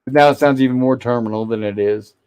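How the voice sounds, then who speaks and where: A man's voice: medium pitch, quick pace, darkish tone, smooth, low-quality recording. Man casually recapping old sitcom scenes. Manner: retells scenes, quoting characters in his own voice. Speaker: host. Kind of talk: casual episode recap, reading scenes aloud.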